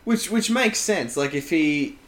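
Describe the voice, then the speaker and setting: A man's voice: fairly high pitch, lively intonation, unhurried, fairly bright tone. A man in casual chat as a podcast co-host, laid-back, laughing often and swearing casually.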